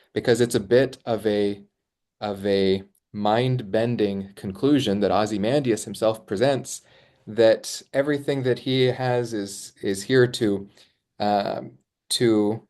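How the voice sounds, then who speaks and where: A man co-hosting a podcast, explaining a poem's form in a thoughtful way with frequent pauses and ums. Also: lowish voice, a little mellow. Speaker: podcast co-host. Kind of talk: literary discussion.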